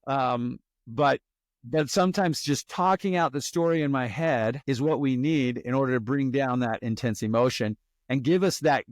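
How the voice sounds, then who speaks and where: A man's voice: mid-range voice, normal speed, dry recording. A man is a guest on a podcast, explaining ideas through vivid, playful acted-out scenarios. His voice sits in an ordinary middle range. The recording is close and dry, with no room sound. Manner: animated storyteller who acts out worried inner monologues. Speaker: guest, resilience expert and author. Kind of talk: conversational podcast interview.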